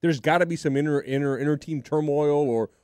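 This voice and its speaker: A man's voice: a little high, brisk, a little mellow, clear, resonant tone, no room sound, clean studio sound. A middle-aged man co-hosting a casual sports talk show, telling a rambling story full of restarts. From South Florida. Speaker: podcast co-host.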